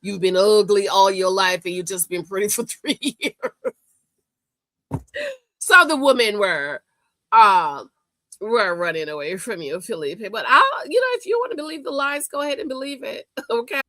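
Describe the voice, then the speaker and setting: A woman hosting a reality TV recap, talking in a sassy, animated way and calling out the people she reviews. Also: mid-range voice, normal speed, dry recording. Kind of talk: casual commentary.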